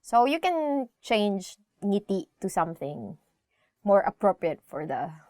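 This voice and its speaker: A woman's voice: medium pitch, big pitch swings, a little slow, darkish tone, no echo, studio quality. Chatty Filipino woman teaching phrases. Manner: chatty, laughs often, says "right?" a lot. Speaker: language teacher. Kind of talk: casual language lesson.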